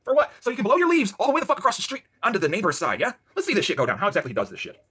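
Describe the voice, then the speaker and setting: A worked-up man ranting in a profane vlog, swinging between loud outbursts and low muttering. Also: wildly swooping pitch, very fast, breathy edge. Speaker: vlogger.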